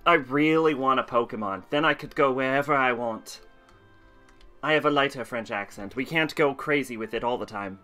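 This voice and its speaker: A man's voice: medium pitch, normal speed, sharp tone, soft background music. A man streaming a game, talking casually and rambling with frequent laughs. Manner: chatty, rambling, laughs often. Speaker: let's play streamer.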